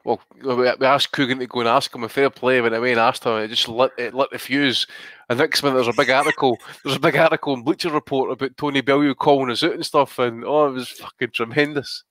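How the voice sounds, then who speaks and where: Co-host, male, mid-pitch voice, sweary animated rants with restarts, dry close mic. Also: quick pace, no room sound. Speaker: podcast co-host. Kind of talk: casual podcast banter.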